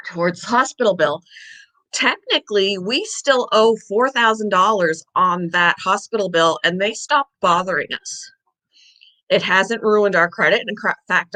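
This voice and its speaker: A woman's voice: mid-range voice, bright, forceful tone, rough recording. A woman vlogger chatting casually to the camera, telling a long story in a rambling way and sometimes out of breath. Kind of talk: casual chat.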